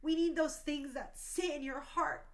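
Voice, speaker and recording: A woman's voice: high voice, fairly even intonation, measured pace. A woman in her thirties hosting a talk show stream, speaking passionately and emotionally, tearful at times.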